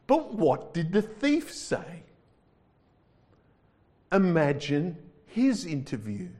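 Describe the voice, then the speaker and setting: Slow, conversational male pastor. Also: a little high, very animated, dark tone. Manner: conversational, wry, drawn-out emphasis. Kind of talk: sermon.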